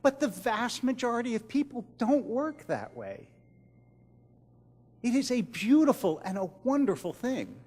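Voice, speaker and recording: A middle-aged man speaks to a large audience, with a fairly high voice that rises and falls in wide, lively swings. He tells stories with dramatic pauses and drops almost to a whisper on the most important lines. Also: long reverb tail. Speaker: rabbi giving a keynote speech. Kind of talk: storytelling speech to an audience. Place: large event hall.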